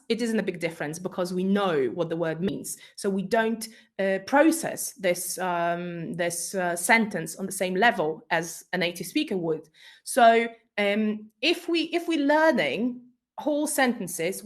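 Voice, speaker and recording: Polish-speaking woman teacher trainer. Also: medium pitch. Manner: explanatory, checks in with frequent "right?". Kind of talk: conference talk on pronunciation.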